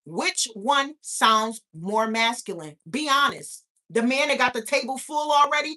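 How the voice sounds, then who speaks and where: A woman's voice: on the high side, measured pace, hardly any pauses, sharp tone. A woman hosting a live stream, ranting in a profane, incredulous way and firing off rhetorical questions. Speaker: host of a live talk stream. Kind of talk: casual live-stream rant.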